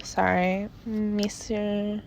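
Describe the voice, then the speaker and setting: A woman's voice: medium pitch, level tone, extremely slow, creaky, noisy background. A young woman hosting her own podcast in casual chat, rambling and giggly, often trailing off into mumbles. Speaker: podcast host.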